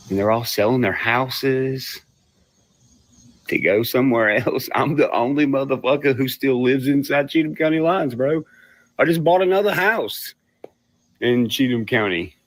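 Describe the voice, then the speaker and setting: A man's voice: medium pitch, measured pace, pauses often. A man telling a rambling story on a livestream, swearing and laughing between phrases. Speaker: musician on a livestream. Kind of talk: rambling live-stream storytelling.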